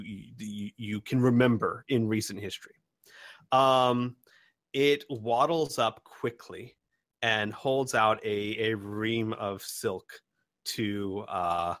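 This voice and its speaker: A man's voice: medium pitch, fairly bright tone, no echo, clean studio sound. A man narrating as game master, describing scenes with many ums and restarts. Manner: rambling narration with many fillers.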